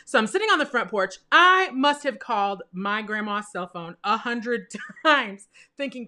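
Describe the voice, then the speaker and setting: A young woman telling a personal story in a lively way, laughing often and acting out what people said. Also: on the high side, a little slow. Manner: animated, laughing often, acts out quoted voices.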